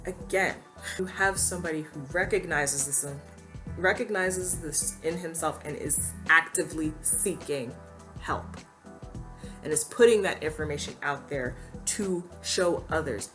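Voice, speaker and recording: Woman, low voice, earnest and emphatic commentary, faint music behind. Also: animated, unhurried. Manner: earnest, emphatic, quotes others in mocking voices. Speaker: commentary YouTuber. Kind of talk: opinion commentary.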